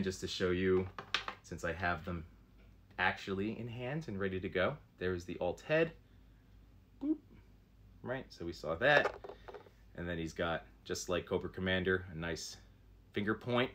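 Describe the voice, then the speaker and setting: A man's voice: low-pitched, fairly bright tone, slight background noise. A man doing a casual live stream, showing action figures up close and chatting with viewers in a rambling way, with lots of fillers. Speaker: toy collector streamer.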